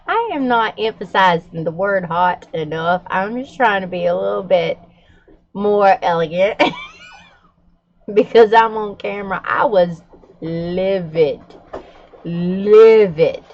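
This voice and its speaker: A woman's voice: mid-range voice, unhurried. Woman vlogger, middle-aged, candid and chatty, slightly muffled recording, faint background hum. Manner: chatty and candid, frequent laughs and fillers. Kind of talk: casual chat to camera.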